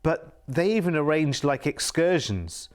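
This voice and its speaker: A man's voice: a little high, very animated, measured pace. A British man presenting cruise deals on a TV shopping channel, chatty and upbeat, with asides to his co-host. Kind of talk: TV shopping sales pitch.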